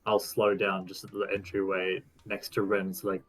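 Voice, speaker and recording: Low-voiced man at a game table. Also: completely flat delivery, normal speed. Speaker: player. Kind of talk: casual tabletop play.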